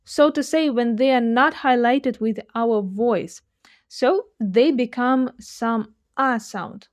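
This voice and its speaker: A woman gives a language lesson at an unhurried pace, her voice pitched a touch high. She lays out each pronunciation point clearly and models the example phrases slowly and with careful articulation. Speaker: Russian teacher. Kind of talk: language lesson with shadowing drills.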